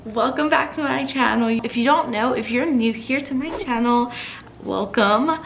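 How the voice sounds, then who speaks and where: A woman's voice: fairly high pitch, normal speed, vocal fry, noisy background. A young woman from Louisiana, chatting in a bubbly, giggly way to her vlog camera at home. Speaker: vlogger. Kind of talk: casual vlog chat.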